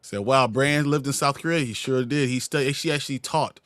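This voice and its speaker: A man's voice: mid-range voice, a little fast, fairly bright tone, no echo. A man co-hosting a livestream in a loose, joking casual chat, reading viewer comments aloud. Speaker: livestream co-host.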